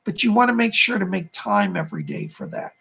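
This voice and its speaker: A man's voice: high-pitched, wildly swooping pitch, fairly quick, creaky, bright, forceful tone, slightly rough. A man hosting a live-stream of psychic readings, speaking soothingly to viewers and calling them darling and hon. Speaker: psychic medium host.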